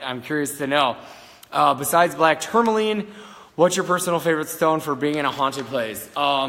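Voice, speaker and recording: A man's voice: medium pitch, pushed and bright. A man hosting a casual talk as a psychic medium, rambling with many fillers while telling stories and answering questions. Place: old schoolhouse in the country. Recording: long reverb, faint background noise.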